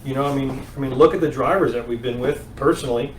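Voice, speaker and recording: A man, a guest on a podcast, telling racing stories in relaxed conversation with a plain, easy delivery. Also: medium pitch, fast talker. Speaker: guest, race spotter and pilot. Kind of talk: casual podcast chat. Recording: roomy, distant mic, faint noise.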